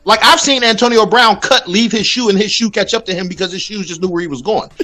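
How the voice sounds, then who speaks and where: A man's voice: sits high, quick pace, bright, forceful tone. A man hosting a casual sports talk show, ranting with plenty of profanity. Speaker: podcast host.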